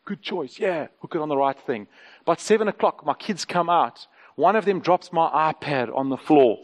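A man's voice: fairly high pitch, lively intonation, moderate pace. A man, preaching a sermon and telling candid personal stories, often repeating his phrases. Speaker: pastor. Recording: long hall reverb.

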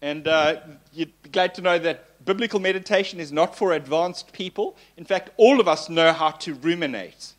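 Guy preaching, lively and playful, keeps repeating stuff to drive it home, kinda high voice. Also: moderate pace, hardly any pauses. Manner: animated, playful, repeats phrases for emphasis. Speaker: pastor. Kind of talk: sermon teaching.

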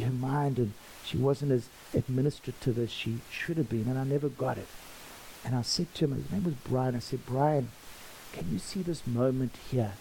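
A man, a pastor preaching a sermon and acting out the dialogue of his stories with lively energy. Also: medium pitch, a little hiss or hum, low-quality recording. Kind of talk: storytelling sermon.

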